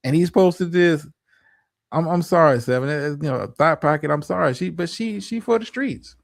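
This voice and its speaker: A man hosting a livestream talks in a higher, gravelly voice. He swears a lot, restarts his sentences and lectures his audience on dating. The sound is dry and close. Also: normal speed, no echo. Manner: profane, stammering restarts, preachy advice. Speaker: streamer host. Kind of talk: livestream reaction commentary.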